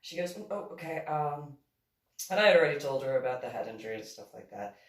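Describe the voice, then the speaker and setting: A woman's voice: very deep voice, fast. A woman telling a story from her own life in a casual monologue, turning stern and scolding when she quotes herself. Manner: animated, stern scolding when quoting herself, laughs often. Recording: roomy echo, distant from mic.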